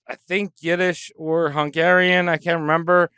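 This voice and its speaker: A man co-hosting a comedy podcast, tossing in quick wisecracks and casual banter. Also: a little high, flat delivery, bright, forceful tone, smooth, no room sound, clean studio sound. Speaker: podcast co-host.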